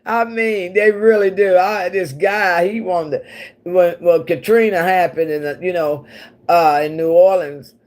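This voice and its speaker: A woman's voice: fairly low pitch, steady tone, measured pace, darkish tone. A woman from the central United States, hosting a casual livestream and chatting with viewers in a rambling way, laughing often. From United States, Missouri and Oklahoma. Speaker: livestream host.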